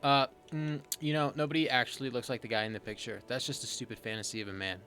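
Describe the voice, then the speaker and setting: A man's voice: mid-range voice, steady tone, quick pace, bright, forceful tone, faint music behind. A man hosting a let's play, joking sardonically and reading his character's lines aloud. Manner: sardonic, joking, swears casually. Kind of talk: game commentary and reading dialogue aloud.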